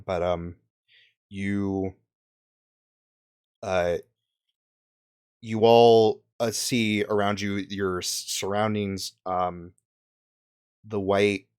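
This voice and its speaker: Young male game master, low voice, slow and halting, full of ums and restarts. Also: level tone, a little mellow, clean tone. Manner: hesitant, many fillers and restarts. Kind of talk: narrating a tabletop game.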